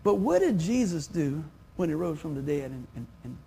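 A middle-aged man preaching a sermon as pastor, talking to the congregation in a conversational, animated way with sudden loud exclamations. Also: fairly high pitch, moderate pace, creaky, slight background noise.

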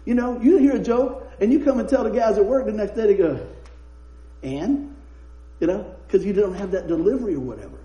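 A man with a high voice preaches in a roomy, echoing space. He mixes scripture with chatty, laughing anecdotes. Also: expressive, a little fast, dark tone, dull audio. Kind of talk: sermon with humorous storytelling. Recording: roomy echo.

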